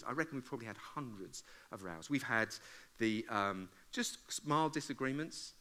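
A man, preaching a sermon to a congregation in a humorous, conversational way and acting out arguments with loud outbursts. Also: mid-range voice. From England. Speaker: pastor. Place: church service before a congregation.

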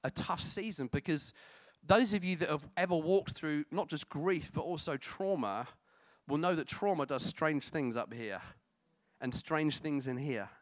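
Chatty pastor, crisp dry sound. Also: male voice, a little high, unhurried, no room sound. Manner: conversational, self-deprecating, with many fillers. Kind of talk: sermon.

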